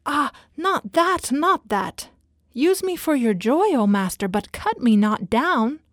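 A woman voicing a proud but gentle male bamboo plant who pleads in anguish, her voice lifting higher and louder as he begs. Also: steady tone, measured pace, dry recording, studio quality, natural voice. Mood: pleading. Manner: anguished, imploring, rising in pitch.

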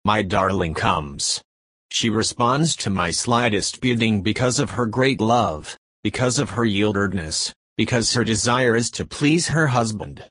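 A man voicing an adoring divine bridegroom in a devotional reading, slow and pleading, lingering on each phrase. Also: fairly low pitch, fairly bright tone, no room sound, clean studio sound. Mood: yearning. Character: adoring divine male bridegroom, yearning and tender.

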